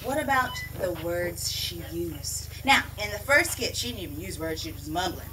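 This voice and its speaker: A woman's voice: on the low side, animated, normal speed. A woman teaching a lesson to children, exuberant and exclamatory, calling the kids her people. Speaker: peace educator teaching children. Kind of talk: enthusiastic classroom lesson. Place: outdoor class. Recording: distant mic outdoors with background noise.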